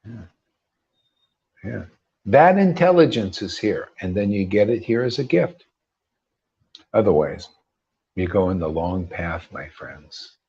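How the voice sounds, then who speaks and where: A man's voice: lowish voice, animated, slow, pauses often, mellow, husky. A man giving an informal devotional talk to a group, emphatic and preachy, often restarting and rising into bursts. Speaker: spiritual teacher. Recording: dull lo-fi sound.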